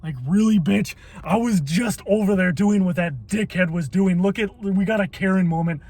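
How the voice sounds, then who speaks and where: A man's voice: high voice, normal speed, darkish tone, no echo. A man vlogging from his car in a waiting line, grumbling and swearing in irritated rants. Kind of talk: ranting car vlog.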